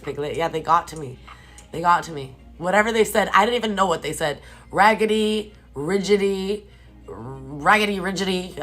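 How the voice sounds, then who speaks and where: A woman live streaming from a hotel room, ranting casually and profanely to her viewers in an incredulous, animated way. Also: mid-range voice. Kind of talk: casual chat.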